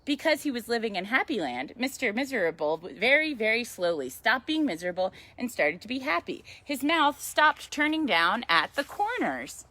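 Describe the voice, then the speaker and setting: A woman reading a children's picture book aloud at storytime, chatty and playful. Her voice is high and bright, with a very lively pitch that swoops up on exclamations. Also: normal speed, few pauses, no echo. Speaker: yoga teacher reading to a child.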